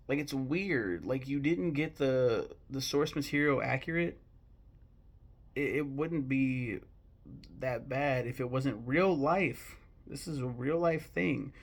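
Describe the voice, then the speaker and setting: A young American man ranking animated films in a casual, blunt, profane and rambling way, with sudden bursts of mock outrage. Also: mid-range voice, vocal fry. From United States. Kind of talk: casual opinion talk.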